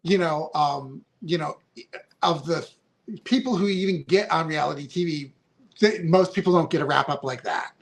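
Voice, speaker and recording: A man in his fifties with a high-pitched voice, guesting on a casual podcast. He rambles through his stories in a heartfelt way, full of fillers and restarts. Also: moderate pace, gravelly. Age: 50s. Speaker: reality show contestant guest.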